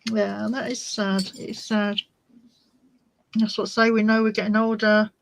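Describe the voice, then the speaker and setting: A woman's voice: mid-range voice, level tone, a little slow, rough recording. A woman hosting a crafting live stream, chatting casually with viewers and her cat. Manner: chatty, laughs a lot, talks to her cat. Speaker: craft channel host.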